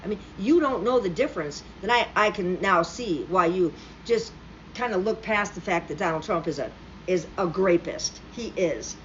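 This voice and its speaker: A woman's voice: fairly low pitch, animated, moderate pace. A woman delivering a profane, sarcastic political rant straight to the camera. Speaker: political commentator. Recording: slightly dull lo-fi recording with faint background hum.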